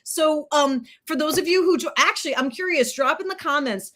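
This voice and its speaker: Bright, bubbly woman co-host. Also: high-pitched, fairly quick. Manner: bubbly, excitable, swears. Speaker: co-host, career coach. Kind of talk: casual live chat.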